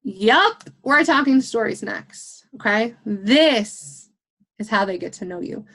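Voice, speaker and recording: A young woman giving a blunt, fast and animated motivational talk as a guest speaker on a team call, swearing casually. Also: on the high side.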